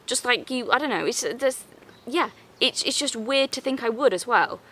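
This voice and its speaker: A woman's voice: a little high, expressive, normal speed, bright, forceful tone. A woman vlogger talking straight to camera in a rambling, exasperated way, full of fillers and restarts, answering comments. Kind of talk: casual vlog chat.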